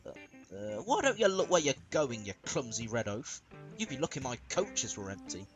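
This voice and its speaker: A man's voice: high-pitched, huge pitch swings, normal speed, gravelly, over music, voice pushed up, full character voice. A man voicing a cheeky, snappy little male engine in a fan-made story, snapping and stammering. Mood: snappish.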